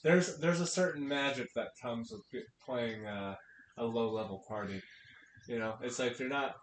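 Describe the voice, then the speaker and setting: A man playing in a tabletop game, chatting casually and easygoing, often agreeing quickly. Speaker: player. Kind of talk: casual chat. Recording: echoey room with faint rumble.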